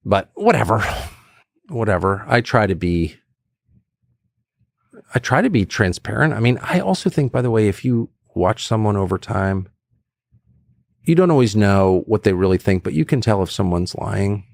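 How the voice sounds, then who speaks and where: A middle-aged man talking as a podcast guest, blunt and animated, acting out quotes with sudden high bursts. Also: normal speed, gravelly, pauses often, no echo, clean studio sound. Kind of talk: casual conversation.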